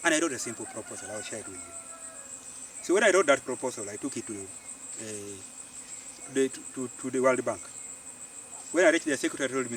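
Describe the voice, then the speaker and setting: A man's voice: mid-range voice, a little fast, long pauses, a little hiss or hum. Ugandan guy telling his story, kinda far from the mic, faint bugs buzzing outside. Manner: animated storyteller, repeats phrases for emphasis. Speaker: farmer and community organiser. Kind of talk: storytelling interview. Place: outdoors on a farm. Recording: distant mic outdoors, faint insects.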